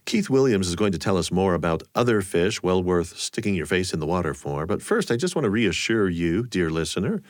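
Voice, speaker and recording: A man with a fairly low voice hosts the show, narrating from a script and putting questions to his guest. He sounds amused and chuckles easily. The recording is dry and close. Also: sing-song, brisk, hardly any pauses, dry recording. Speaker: radio show host.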